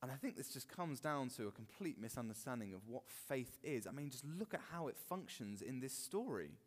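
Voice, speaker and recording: A man preaching a sermon in a church, animated and expressive. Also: mid-range voice, moderate pace, long reverb tail. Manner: animated, acts out quoted voices. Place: church hall.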